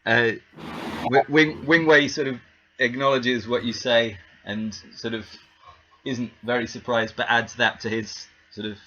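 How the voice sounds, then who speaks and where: A man's voice: medium pitch, steady tone, measured pace, pushed and bright, lo-fi sound. A man narrating as game master in a casual, hesitant way with many restarts.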